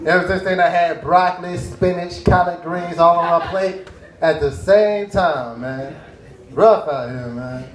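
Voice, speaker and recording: A man's voice: fairly high pitch, a little slow, reverberant, rough recording. A young man doing a laid-back stand-up routine on a cafe stage, with laughing asides. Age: young adult. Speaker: stand-up comedian.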